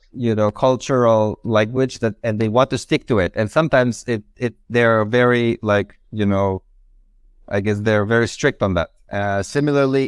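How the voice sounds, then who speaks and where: A man speaking as a guest in a casual chat, explaining things in a relaxed way with plenty of "you know" and "like". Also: mid-range voice, smooth, no echo, studio quality.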